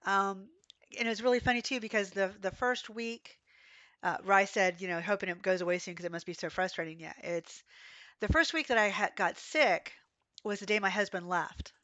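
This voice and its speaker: A woman streaming a game, hoarse and coughing from being sick, chatting and telling rambling stories as she plays. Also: mid-range voice, normal speed, a bit bright, no room sound, lo-fi sound. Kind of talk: casual livestream chat while playing.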